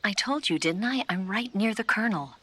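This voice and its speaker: An actress playing a cool, composed female spy who briefs a soldier over the radio in calm, measured video game dialogue. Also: medium pitch, no echo.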